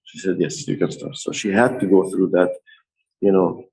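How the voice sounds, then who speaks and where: A middle-aged man, a tattoo artist guest on a podcast, telling stories in an animated way and often laughing. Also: low-pitched, normal speed, vocal fry, low-quality recording. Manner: laughs often, lively retelling. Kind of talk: animated storytelling.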